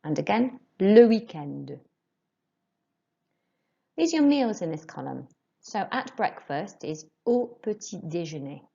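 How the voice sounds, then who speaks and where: A woman teaching a language lesson, saying words slowly and clearly for students to repeat. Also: fairly low pitch, very animated, mellow, highs cut off. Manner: slow, clear modelling of words for repetition. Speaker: French teacher.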